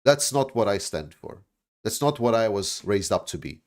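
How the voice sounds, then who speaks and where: A man's voice: on the low side, animated, moderate pace. A man who grew up after the Soviet Union, hosting a political livestream with an emphatic, repetitive and profane delivery. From Eastern Europe, post-Soviet. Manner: emphatic, repetitive, swears when angry. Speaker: livestream host. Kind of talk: impassioned political livestream monologue.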